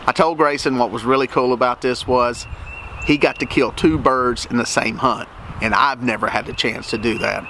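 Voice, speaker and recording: A man's voice: medium pitch, steady tone, normal speed, pushed and bright, slight background noise. A man giving matter-of-fact voice-over narration for a hunting show.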